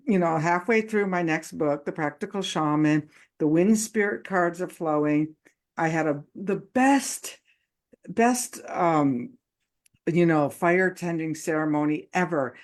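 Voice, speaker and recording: A woman's voice: deep voice, takes it slowly. A woman hosting a casual live online chat, talking loosely with many fillers and frequent laughs. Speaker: host.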